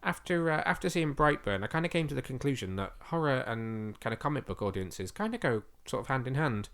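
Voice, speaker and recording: A man's voice: medium pitch, expressive, brisk, fairly bright tone. A man co-hosting a podcast, chatting eagerly with lots of fillers, his voice slightly going. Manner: chatty and enthusiastic, with frequent fillers. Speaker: podcast co-host. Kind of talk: casual podcast chat.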